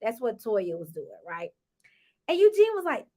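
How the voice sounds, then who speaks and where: A woman's voice: a little high, moderate pace. A woman casually recapping a reality TV episode, chatty and sassy, often acting out what people said. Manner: animated, acts out cast members' lines.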